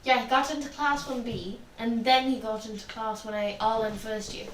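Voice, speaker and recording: A woman's voice: a little high, fairly even intonation, moderate pace. A woman casually narrating a fan story role-play, chatty and rambling. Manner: rambling, chatty, laughs often. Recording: echoey room, distant mic, faint noise.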